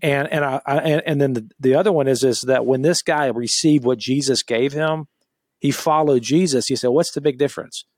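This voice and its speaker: A man's voice: medium pitch, a little fast, darkish tone, no room sound, studio quality. A man co-hosting a podcast, leading a Bible discussion and reading scripture aloud in an earnest, emphatic way with frequent restarts. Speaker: podcast co-host.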